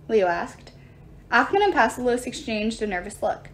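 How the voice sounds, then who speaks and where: A woman's voice: a little high, animated, normal speed. A woman reading a novel aloud, narrating expressively and acting out the characters. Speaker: audiobook reader. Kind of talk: storybook narration.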